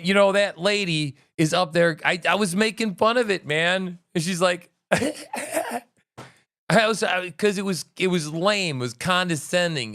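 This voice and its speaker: A man hosting a livestream, reacting to a meeting with excitable, profane commentary that swings between loud outbursts and muttering. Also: on the high side, no room sound, clean studio sound. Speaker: livestream host.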